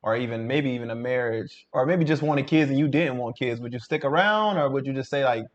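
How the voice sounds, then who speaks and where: Fast-talking man hosting a story show. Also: mid-range voice, highs cut off. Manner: casual and chatty, talking to viewers. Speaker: host. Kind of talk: casual commentary.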